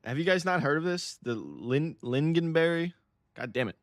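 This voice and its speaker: A man's voice: a little high, expressive, moderate pace, no room sound, clean studio sound. An American man chatting casually to his live-stream chat, often laughing, swearing and stumbling over words. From United States.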